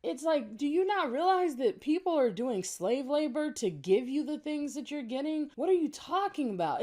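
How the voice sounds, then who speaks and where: A woman's voice: a little high, mellow. A woman commentator talking through a response video in a rambling, indignant way, with frequent filler "likes". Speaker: YouTube commentator. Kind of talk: casual commentary and rebuttal.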